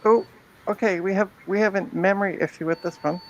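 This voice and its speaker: A woman hosting a retro computer stream, chatting upbeat while she tests hardware and thinks out loud. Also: medium pitch, fairly even intonation, a little fast, highs cut off, slight background noise. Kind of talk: casual chat while testing computers.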